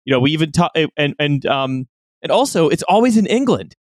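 A man on a podcast laying out a political argument, halting and restarting as he builds it. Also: fairly high pitch, very animated, no room sound, clean studio sound. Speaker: podcast co-host. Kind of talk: analytical political chat.

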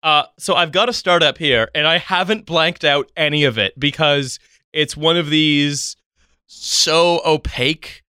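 A man's voice: on the high side, unhurried, sharp tone, clear, resonant tone, no room sound, clean studio sound. A man hosting a podcast in casual chat, laughing often and making jokey introductions. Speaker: podcast host.

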